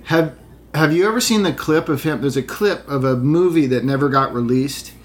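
A man in casual chat, telling movie stories in a rambling, animated way. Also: on the high side, moderate pace. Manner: rambling, animated storyteller with restarts.

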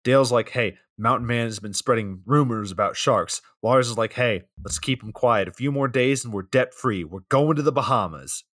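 A man co-hosting a podcast, recapping a movie plot in a deadpan, matter-of-fact way with casual swearing. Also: medium pitch, moderate pace, hardly any pauses, no room sound, clean studio sound.

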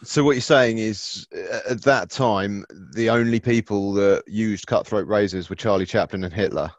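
A man with a somewhat low voice, bantering cheekily and sarcastically as a podcast co-host. The recording is dry and a little dull. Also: normal speed, no echo. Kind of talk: casual chat.

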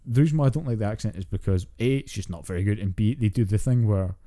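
A Scottish man co-hosting a podcast in casual chat, blunt, sweary and quick to laugh. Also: fairly low pitch, dark tone. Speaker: podcast co-host.

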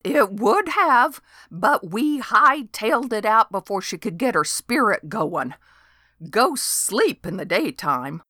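A woman's voice: mid-range voice, very animated, slow pace, bright, forceful tone, no echo, studio quality, exaggerated voice. A woman voicing a feisty, bossy older woman who speaks bluntly. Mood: bold.

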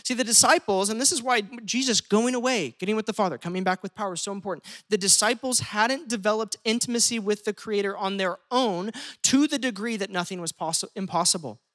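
A pastor preaching a lively sermon, shifting pace often and acting out quoted speech. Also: mid-range voice, fairly quick, hardly any pauses.

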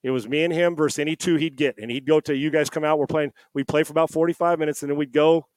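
A man's voice: fairly high pitch, fairly even intonation, quick pace, a little mellow, no echo. A middle-aged man, a guest on a podcast, telling a long story from home over a headset. He acts out the quoted dialogue as he goes. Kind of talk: casual storytelling.

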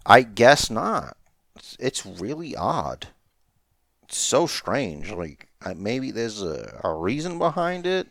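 A man's voice: mid-range voice, huge pitch swings, takes it slowly, creaky, fairly bright tone, no echo, studio quality. A man co-hosting a podcast, chatting casually with lots of restarts and jokes. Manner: rambling, joking, many restarts. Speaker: podcast co-host. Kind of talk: casual wrestling chat.

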